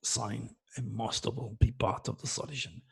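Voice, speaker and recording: A man's voice: medium pitch, fairly even intonation, moderate pace, gravelly, breathy edge. A man in his seventies with a French accent, giving a boastful, preachy monologue to his viewers as an astrologer host. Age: 70s.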